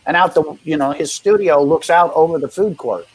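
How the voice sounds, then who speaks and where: A man, a street performer and juggler, telling long halting anecdotes in a casual interview and acting out the people he quotes. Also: a little high, slightly rough, rough recording.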